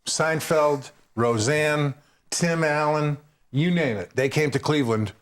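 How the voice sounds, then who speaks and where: A middle-aged man, a guest comedian, telling animated stories in an interview, acting out voices and laughing as he goes. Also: fairly high pitch, takes it slowly. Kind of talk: storytelling in an interview.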